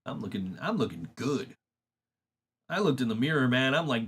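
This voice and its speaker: A man's voice: medium pitch, very animated, normal speed, slightly rough. A man hosting a podcast in casual chat, swearing freely and laughing through his stories. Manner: profane, laughing storyteller. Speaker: podcast host.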